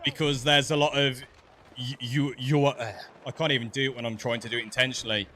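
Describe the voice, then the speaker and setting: A man with a softened Black Country accent chatting casually while streaming a game, laughing often and stumbling over his words. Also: mid-range voice, steady tone, fast, slight background noise. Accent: Black Country English, softened. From English West Midlands. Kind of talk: casual chat while gaming.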